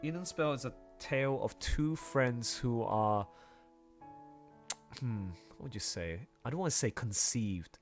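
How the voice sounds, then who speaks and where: A man's voice: mid-range voice, measured pace, faint music behind. A man talking casually on a livestream while drawing, rambling and chatty. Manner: rambling and chatty, full of fillers and asides. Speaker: artist streaming while drawing.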